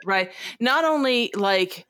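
A woman co-hosting a casual book chat, halting as she searches for words. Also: mid-range voice, animated, a bit bright, no room sound, studio quality. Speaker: book podcast co-host.

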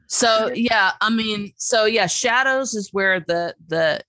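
A woman's voice: medium pitch, takes it slowly, bright, forceful tone, no echo, studio quality. A woman hosting a casual book discussion, talking in a chatty way full of fillers while she reads passages aloud. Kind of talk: casual book club chat.

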